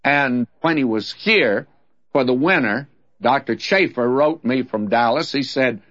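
A man's voice: medium pitch, measured pace, a bit bright. A man teaching the Bible on his radio program in a folksy, emphatic preaching manner. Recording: dull lo-fi radio recording.

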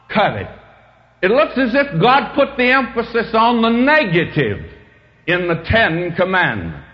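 Preacher guy, high voice, slow and emphatic, old muffled tape sound. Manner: slow, emphatic preaching with dramatic pitch swings. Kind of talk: sermon.

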